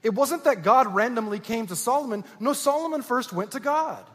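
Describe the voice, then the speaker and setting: Man, pastor, earnest emphatic sermon, husky voice, long hall reverb. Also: extremely high pitch, animated, moderate pace, fairly bright tone. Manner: earnest, emphatic preaching with repetition. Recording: echoey church hall.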